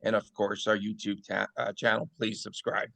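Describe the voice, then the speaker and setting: A man's voice: lowish voice, level tone, normal speed, vocal fry, fairly bright tone. Playful man hosting a sports podcast. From Las Vegas. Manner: playful, teasing, mock-outraged. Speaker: podcast host. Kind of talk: casual sports podcast chat.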